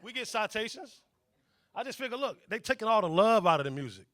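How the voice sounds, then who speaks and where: Bright high-voiced man doing stand-up. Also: fast talker. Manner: loud, animated, acts out characters. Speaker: student stand-up comic. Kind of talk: stand-up comedy set. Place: comedy club stage. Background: audience laughter.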